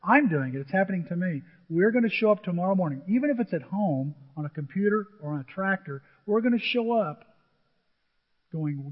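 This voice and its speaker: A man's voice: high voice, lively intonation, brisk. A man preaching a sermon as pastor, telling stories from his working life and acting out quotes. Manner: conversational storytelling with acted quotes. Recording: dull sound with long hall reverb.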